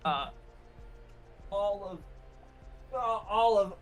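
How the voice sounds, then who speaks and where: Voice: medium pitch, expressive, normal speed, soft background music. A podcast co-host in casual chat, chatty and wryly complaining.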